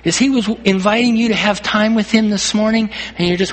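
A man's voice: high-pitched, fairly even intonation, a little fast. A man preaching a sermon as pastor, earnest, often repeating himself and rising to emphatic calls. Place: church.

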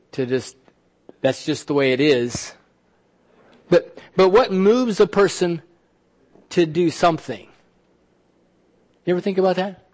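A man with a high voice delivers a church sermon, swinging from animated exclamations to quiet, earnest hushes. He often repeats words as he builds each point. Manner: animated preaching, repeats words, drops to soft intensity. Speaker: pastor.

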